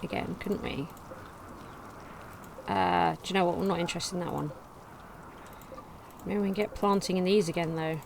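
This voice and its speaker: A woman casually commenting on her gameplay, reading game text aloud in a chatty way with sudden excited outbursts. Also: lowish voice, normal speed, vocal fry, long pauses, background noise. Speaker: let's play gamer.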